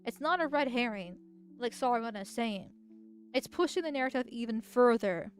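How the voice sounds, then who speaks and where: A woman streamer giving casual commentary on posts, thinking out loud and restarting her sentences often. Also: on the high side, expressive, moderate pace, soft background music. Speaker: political streamer.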